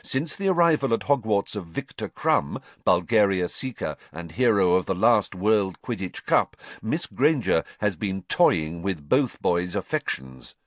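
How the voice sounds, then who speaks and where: A man narrating a story in an expressive, measured way. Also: fairly low pitch, dry recording. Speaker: audiobook narrator.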